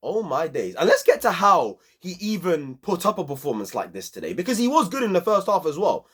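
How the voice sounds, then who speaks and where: A man's voice: high voice, very animated, brisk, fairly bright tone, slightly rough. A young man, giving a passionate, slangy football match review on his own channel.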